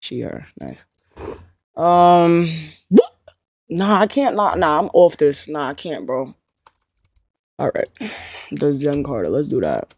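A woman's voice: sits low, expressive, slow, pauses often, darkish tone, husky, no room sound, studio quality. A young woman chatting casually to her livestream chat, slangy and swearing, often laughing in disbelief. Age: young adult. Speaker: streamer.

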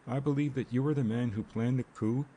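A man's voice: mid-range voice, steady tone, brisk, warm tone, slight background noise, pitched above the performer's own voice, natural voice. A man voicing a small, blunt investigator in an audiobook, speaking bluntly and emphatically. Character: small, blunt, fact-collecting male investigator.

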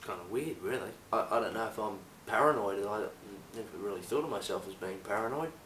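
Man, low voice, halting confessional delivery, roomy echo with faint background noise. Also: animated, a bit bright. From Australia. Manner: hesitant, halting, full of fillers. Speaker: improvising actor. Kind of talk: improvised confessional monologue. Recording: echoey room, voice distant from the mic.

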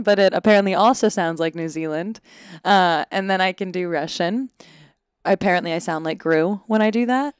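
A woman's voice: mid-range voice, smooth, dry recording, studio quality. A woman in her twenties, a guest on a podcast, chatting casually with lots of fillers and self-deprecating asides. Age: 20s. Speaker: actor and guest. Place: Los Angeles.

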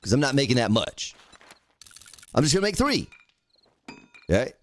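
A man's voice: medium pitch, big pitch swings, normal speed. A man casually commenting on his own gameplay on a live stream, talking to himself, swearing lightly, and thanking viewers by name. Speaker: game streamer.

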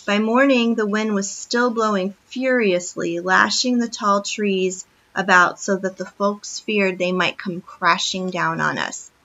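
A woman reads a children's book chapter aloud, telling it expressively at a steady pace. Her voice is bright and clear. The recording sounds dull and lo-fi. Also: medium pitch, unhurried, hardly any pauses. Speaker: storyteller.

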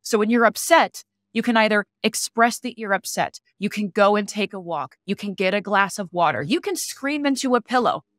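A woman's voice: mid-range voice, lively intonation, moderate pace, few pauses, a bit bright, dry recording, studio quality. A woman hosting a podcast interview, talking in an encouraging, conversational way. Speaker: podcast host.

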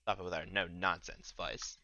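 A man's voice: low-pitched, level tone, moderate pace, lo-fi sound. Stammering young man trash-talking his game. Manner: stammering, with frequent repeated words and restarts; trash-talks the game's monsters, loud bursts of exasperation. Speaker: streamer. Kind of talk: casual gaming commentary.

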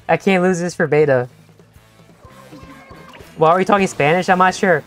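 A young man streaming a game live, talking to his teammates and chat in an excitable, stammering way that repeats itself. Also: high-pitched, moderate pace, soft background music. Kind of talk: live gameplay commentary.

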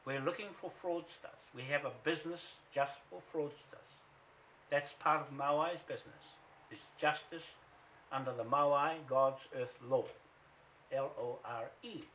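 A man's voice: on the high side, fairly bright tone, a little hiss or hum. A man with a New Zealand accent, ranting defiantly straight to camera, accusing people by name and swearing as he goes. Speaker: activist vlogger. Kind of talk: angry direct-to-camera rant. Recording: dull lo-fi recording.

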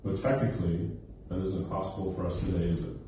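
A man's voice: deep voice, steady tone, fast, dark tone, slight background noise. A male pastor giving a sermon, often checking in with listeners with "okay?" and "right?" and repeating phrases for emphasis. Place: recreation center used for church service. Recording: very echoey hall, heard from a distance.

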